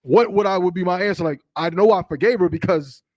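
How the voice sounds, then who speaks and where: A man in a scripture class asking questions and reading verses slowly, often affirming with "come on, come on". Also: sits high, dry recording. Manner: reads scripture slowly and deliberately. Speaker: student.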